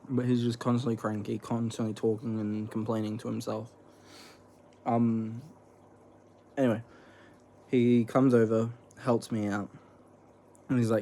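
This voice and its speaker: A man's voice: medium pitch, flat delivery, a little slow, long pauses, mellow. A young man, chatting casually in a rambling, slangy vlog while snacking, swearing freely. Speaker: vlogger. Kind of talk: casual eating vlog chat.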